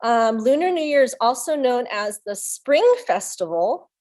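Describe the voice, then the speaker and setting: A woman's voice: fairly high pitch, expressive, a little slow, a little mellow. A young woman, a youth librarian, hosting a virtual children's story time in an upbeat manner, speaking to young kids over a computer mic.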